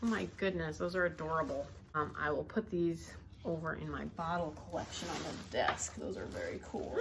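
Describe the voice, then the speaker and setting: A woman's voice: on the low side, expressive, normal speed, creaky, a bit bright, a little hiss or hum. Gushing woman opening gifts. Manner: gushing, gasping and exclaiming over each item. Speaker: thrift vlogger opening mail. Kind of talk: casual unboxing chat. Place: home, indoors.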